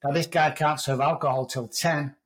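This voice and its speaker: A man's voice: on the high side, steady tone, normal speed, rough recording. A middle-aged man with an English accent, a podcast guest telling his story in a candid, raw way, swearing freely. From England. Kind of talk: storytelling interview.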